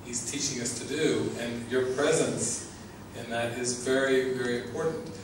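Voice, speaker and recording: A man's voice: mid-range voice, steady tone, moderate pace. A man giving an informal spiritual talk as a teacher, earnest and often laughing, repeating his words. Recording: echoey, distant mic with background noise.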